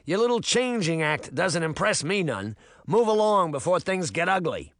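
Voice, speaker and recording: A man voicing a big, gruff, dismissive thug guard. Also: high voice, big pitch swings, moderate pace, a bit bright, no room sound, studio quality, voice pushed up. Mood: menacing.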